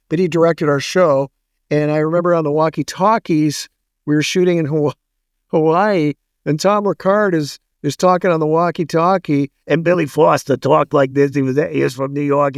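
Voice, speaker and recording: A man's voice: on the high side, fairly even intonation, no echo, studio quality. A middle-aged man co-hosting a podcast, chatting casually and telling stories full of puns and dad jokes. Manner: jokey, storytelling, quick asides and dad jokes. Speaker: podcast co-host. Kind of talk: casual chat.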